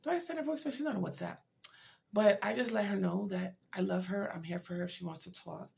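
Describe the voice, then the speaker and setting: A woman's voice: mid-range voice, quick pace, creaky, a little mellow. A woman vlogger talking casually and candidly to her viewers, heartfelt and rambling, sounding tired. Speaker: motivational vlogger. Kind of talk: casual personal talk to camera.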